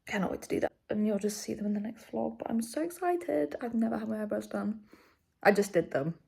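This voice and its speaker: A woman's voice: mid-range voice, animated, a little fast, vocal fry, a little mellow. A young British woman chatting casually to camera in a vlog, rambling and correcting herself, sometimes dropping to a whisper. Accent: British English. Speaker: vlogger.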